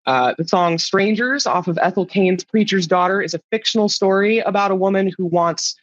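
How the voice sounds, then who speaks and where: A woman's voice: mid-range voice, moderate pace, highs cut off. A woman giving a casual, chatty talk as a guest speaker, informal and laid-back, sometimes swearing.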